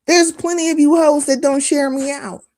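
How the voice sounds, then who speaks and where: A woman's voice: sits high, fairly even intonation, normal speed, darkish tone, no room sound, studio quality. A woman hosting a live stream, delivering a heated, profane, confrontational rant full of mocking asides.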